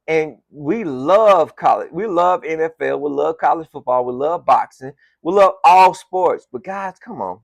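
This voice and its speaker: A man's voice: on the high side, dry recording, clean studio sound. A man in his forties from Florida with a Southern US accent, hosting a casual sports podcast monologue with emphatic, repetitive delivery. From Florida, USA. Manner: animated, emphatic, repeats phrases for effect. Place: home room with team decorations.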